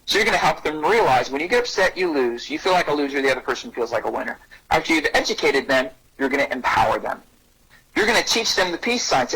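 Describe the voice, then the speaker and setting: A man giving an energetic parenting talk on bullying who acts out short dialogues in a raised voice. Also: fast talker, breathy edge, poor audio. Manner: energetic, acts out little dialogues with rising pitch. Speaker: anti-bullying speaker and parenting coach.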